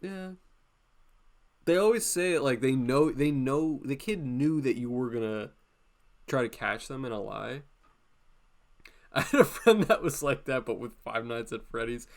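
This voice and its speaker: A man's voice: medium pitch, lively intonation, a little slow, long pauses. Chatty playful man streamer. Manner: playful, chatty, laughs often. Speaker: streamer, drawing teacher. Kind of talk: casual live-stream chat while drawing.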